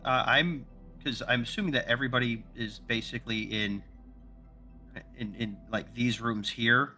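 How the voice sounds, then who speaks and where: Bright-voiced man rambling as a player. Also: medium pitch, fairly even intonation, moderate pace, soft background music. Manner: rambling, self-correcting, playful. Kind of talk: tabletop role-play chat.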